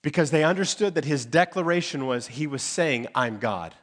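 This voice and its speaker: A male pastor preaching a sermon, landing on key phrases with emphatic pauses. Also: a little high, lively intonation. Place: church sanctuary.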